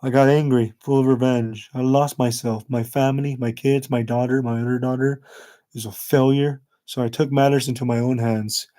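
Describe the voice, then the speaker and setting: A man voicing a cruel, bitter middle-aged father confessing revenge in a low, brooding way. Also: flat delivery, moderate pace, warm tone, natural voice.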